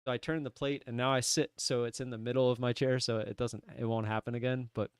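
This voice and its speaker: A young man telling a rambling, animated story on his trading livestream from his desk at home. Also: medium pitch, quick pace, smooth, no echo, clean studio sound. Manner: animated, rambling, many restarts and "I'm like". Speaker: livestream day trader. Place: home room at a computer desk.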